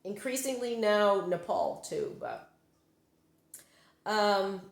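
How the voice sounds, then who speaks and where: A woman's voice: mid-range voice, expressive, slow pace, vocal fry, echoey room. A woman telling personal stories in a meandering way, full of fillers and self-corrections, recording on a phone she holds. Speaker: psychic medium vlogger. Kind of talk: rambling personal storytelling. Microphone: holding her phone.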